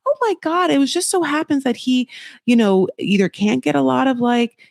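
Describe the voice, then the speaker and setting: A woman's voice: high voice, moderate pace, vocal fry, dry recording, clean studio sound. A young woman hosting a podcast, recapping a reality show in casual chat and acting out quotes in mocking voices, often swearing. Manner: animated, profane, acts out quotes in shifting voices.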